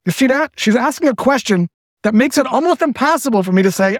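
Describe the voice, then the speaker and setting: A man's voice: high voice, expressive, fast, no room sound, studio quality. A man coaching salespeople in a short, direct monologue, telling a story with quoted dialogue.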